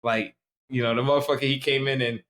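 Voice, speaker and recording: A man's voice: medium pitch, fairly even intonation, fast talker, a bit bright. Rambling young man. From Staten Island, New York. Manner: loose, rambling, heavy slang and swearing. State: tipsy. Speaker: podcast co-host. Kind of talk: casual chat.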